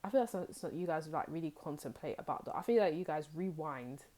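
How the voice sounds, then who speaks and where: A young woman gives a casual tarot reading straight to her viewers. Her voice sits low and mellow for a woman. She talks in a loose, rambling way and jumps into quoted reactions. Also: expressive, fast talker. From United Kingdom. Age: young adult. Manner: chatty and rambling, acts out quoted reactions with high exclamations. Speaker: tarot reader.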